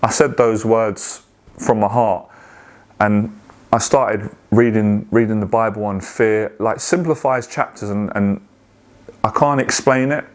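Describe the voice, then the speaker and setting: A man, giving an earnest personal testimony in a halting way, with many restarts and repeated words. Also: lowish voice, fairly even intonation. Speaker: guest sharing a testimony.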